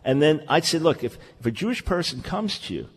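A man hosting a radio talk show, speaking in an earnest, animated, conversational way. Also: on the high side, fairly quick, slightly rough, big-room sound.

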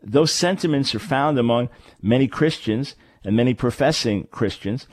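A man's voice: mid-range voice, moderate pace, a little mellow, no room sound. A man hosting a radio talk show, explaining points in an emphatic way and correcting himself as he goes. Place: radio studio. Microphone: studio microphone.

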